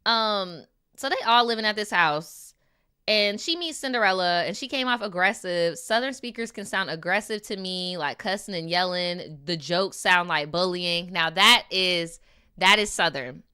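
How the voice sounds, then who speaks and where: A woman streamer reading viewer stories aloud and reacting in a casual, slangy, animated way. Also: on the low side, moderate pace, clear, resonant tone. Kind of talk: casual chat and story reading. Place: lives in New York.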